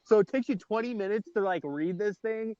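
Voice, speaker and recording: A man's voice: high voice, brisk, a little mellow, no echo, muffled recording. A man co-hosting a livestream, rambling and giggling with many fillers in casual banter. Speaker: livestream co-host.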